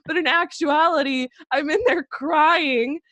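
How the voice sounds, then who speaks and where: Young woman podcast co-host, raunchy and giggly storyteller, bright-ish voice, dead-dry close mic. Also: high-pitched, a little slow, no echo. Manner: laughing, profane storytelling. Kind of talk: casual chat.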